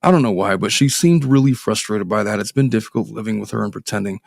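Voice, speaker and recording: A middle-aged man who works as a divorce attorney hosts a casual podcast, reading a listener's letter aloud and adding sardonic, profane asides. His voice is lowish and gravelly and he talks fast, recorded at studio quality with no echo.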